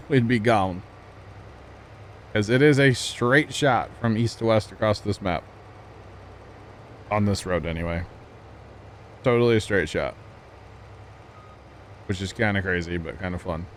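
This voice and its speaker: A man's voice: on the low side, measured pace, long pauses, slight background noise. A man streaming a farming game live, chatting casually and easygoing with his chat and fellow players. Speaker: livestreamer.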